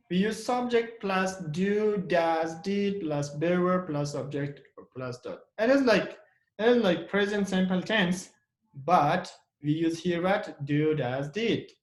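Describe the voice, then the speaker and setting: A man's voice: sits high, animated, slow pace. Man teaching grammar in an echoey room. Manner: asks and answers his own questions, repeats example sentences with stress. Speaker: English teacher. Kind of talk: classroom grammar lesson.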